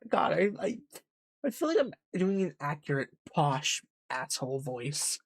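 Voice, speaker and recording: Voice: medium pitch, very animated, unhurried. A streamer reacting casually while playing a narrative game, swearing freely and poking fun at their own acting. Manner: swears freely, self-mocking.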